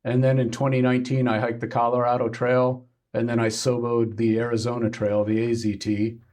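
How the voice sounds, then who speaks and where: A man from Kansas, a guest on a podcast, telling stories in a halting way with many pauses and fillers. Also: mid-range voice, level tone, a little mellow. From Kansas, United States. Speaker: guest hiker. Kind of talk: casual interview.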